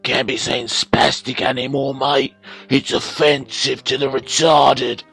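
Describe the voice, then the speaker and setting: A man's voice: mid-range voice, level tone, unhurried, a bit bright, faint music behind, full character voice. A man playing a crude, swearing thug. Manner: swearing, gravelly, blunt. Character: crude male British thug.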